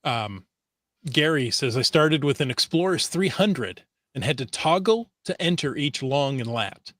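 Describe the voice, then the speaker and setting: A man's voice: a little high, lively intonation, measured pace, fairly bright tone, no echo, clean studio sound. An easygoing man co-hosting a podcast, reading out listener comments and reminiscing in casual chat. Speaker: podcast co-host.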